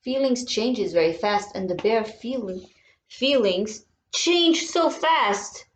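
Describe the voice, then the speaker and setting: A woman reading a picture book aloud to children in a bilingual lesson, gasping and asking questions as she goes, in an expressive way. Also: on the high side, slow. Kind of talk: bilingual storybook read-aloud. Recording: roomy, dull lo-fi sound.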